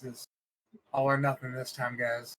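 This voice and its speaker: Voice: medium pitch, little pitch movement, normal speed, a bit bright, poor audio. A player in a casual tabletop game who gets hyped for attack rolls and talks to the dice. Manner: hyped, trash-talking the dice.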